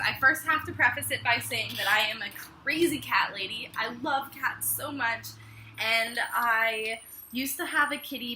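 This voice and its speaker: A young woman tells a personal story straight to the camera, chatty and animated and full of little fillers. Her voice is very bright and sharp, and the room gives it a noticeable echo. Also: on the high side, a little hiss or hum. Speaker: vlogger. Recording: echoey room.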